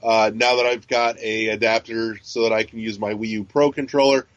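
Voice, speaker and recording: A man's voice: lowish voice, little pitch movement, moderate pace, no echo. A man co-hosting a podcast in casual chat, rambling and swearing, with lots of fillers and restarts. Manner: chatty, profane, frequent fillers and restarts. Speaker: podcast co-host. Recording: dull, lo-fi sound.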